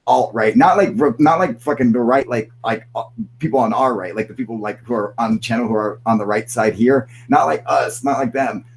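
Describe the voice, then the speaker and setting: A man's voice: mid-range voice, vocal fry, poor audio. A young man hosting a casual live stream, reading chat aloud, swearing often and laughing as he rambles.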